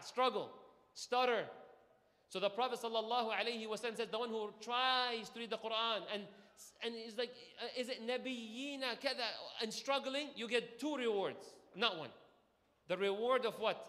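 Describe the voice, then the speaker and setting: Male preacher, high and bright, lively call-and-response sermon in an echoey hall. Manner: energetic, asks audience questions, call-and-response. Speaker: imam.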